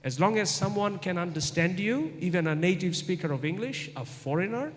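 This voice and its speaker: Middle-aged man lecturing in an echoey hall. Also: high voice. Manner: asks the audience rhetorical questions and repeats points for emphasis. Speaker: guest lecturer. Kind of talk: university lecture. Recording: echoey hall, faint ambient noise.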